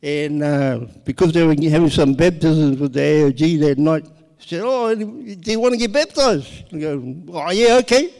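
A middle-aged man, telling a personal story in a lively way and laughing often. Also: fairly high pitch, moderate pace, big-room sound. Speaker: guest sharing his testimony.

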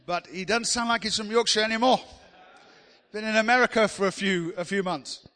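A man's voice: sits high, fairly quick, bright, forceful tone, long reverb tail. A man preaching a sermon in a chatty, joking way, teasing the congregation.

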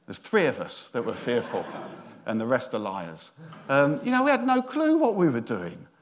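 A man's voice: mid-range voice, very animated, normal speed. A middle-aged man, a senior minister giving a sermon in a chatty, joking storytelling way.

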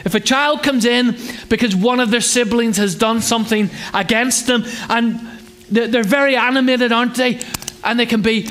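A pastor delivers a friendly, conversational sermon with a notably high voice. He jokes, asks the congregation questions, and slips into childlike voices for little acted scenes. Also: fairly even intonation, moderate pace, a bit bright. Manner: acts out children's voices in a higher pitch.

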